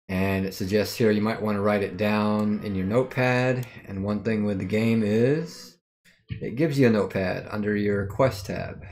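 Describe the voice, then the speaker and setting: A man's voice: on the low side, steady tone, moderate pace, a little mellow. A man streaming a game, thinking aloud and muttering as he works out its menus and skills. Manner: thinks aloud while puzzling over the game. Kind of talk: casual let's-play commentary.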